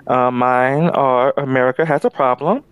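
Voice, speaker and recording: A young man co-hosting a podcast, an animated storyteller with sassy asides in casual chat. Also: medium pitch, moderate pace, smooth, no room sound. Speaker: podcast co-host.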